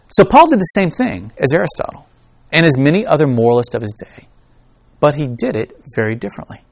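A man's voice: fairly high pitch, no room sound. A man teaching a Bible study class in a conversational, emphatic lecture style, with rhetorical questions. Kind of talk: informal lecture.

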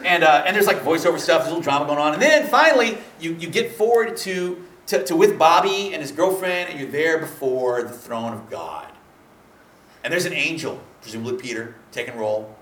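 A man telling a story in casual conversation, rambling and animated, laughing often and slipping into voices for the people he quotes. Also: on the high side, fairly quick, echoey room, recorded from a distance, slight background noise.

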